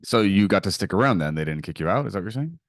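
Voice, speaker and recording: A man hosting a podcast interview, talking quickly and thoughtfully while restating what his guest said. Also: deep voice, lively intonation, dry recording, clean studio sound. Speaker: podcast host. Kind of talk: conversational interview.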